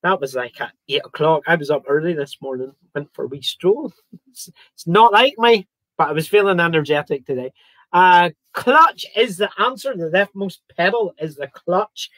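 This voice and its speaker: This man's voice sits fairly high and sounds fairly bright, moving at a moderate pace in a dry recording. He's hosting a live-streamed online quiz, chatting with viewers, reading out their comments and joking around between questions.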